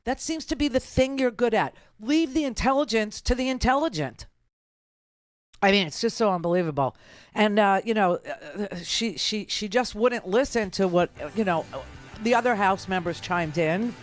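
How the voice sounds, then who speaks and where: A woman hosting a political talk radio show, her commentary sarcastic and mocking. Her voice sits at a middle pitch in a dry, close studio sound with faint music underneath. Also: normal speed, dry recording. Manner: sarcastic, mocking, quotes opponents in exaggerated voices.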